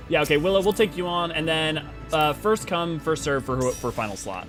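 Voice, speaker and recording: Bright-voiced man chatting with stream viewers. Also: on the high side, lively intonation, brisk, few pauses, faint music behind. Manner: rambling, talks to chat while organizing a party. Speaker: streamer hosting a game stream. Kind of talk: casual live-stream chat with viewers.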